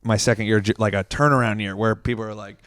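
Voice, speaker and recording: A man's voice: fairly low pitch, steady tone, quick pace, fairly bright tone, no echo, studio quality. A young man, a comedian and podcast guest, chatting casually and rambling with lots of "like" and "um". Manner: rambling, heavy use of "like" and "um". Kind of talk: casual interview chat.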